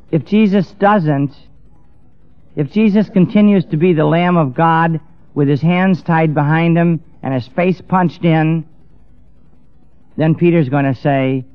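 A man's voice: fairly high pitch, measured pace, clean tone, no echo. A man preaching a storytelling sermon in a dramatic manner, acting out the characters. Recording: dull dry lo-fi recording, faint music.

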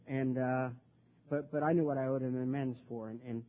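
An older man telling his own recovery story at a meeting, halting and repeating words, his voice rising when he gets worked up. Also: mid-range voice, fairly even intonation. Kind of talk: personal testimony talk. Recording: tinny phone-like recording.

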